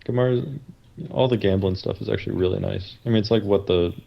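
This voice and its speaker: A man chatting casually and giving firm opinions about painting materials, with a gravelly voice. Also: fairly low pitch, steady tone, fairly quick, dull audio. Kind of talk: casual chat.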